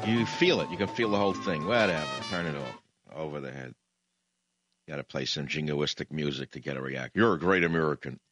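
A man's voice: a bass voice, a little fast, a bit bright, soft background music. A male talk radio host delivering a rambling, sardonic, combative monologue.

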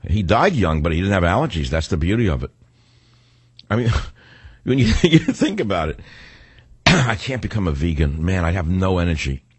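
A man's voice: sits low, big pitch swings, moderate pace, long pauses, a little hiss or hum. An older man hosting a talk radio show, delivering a combative, sarcastic, rambling monologue.

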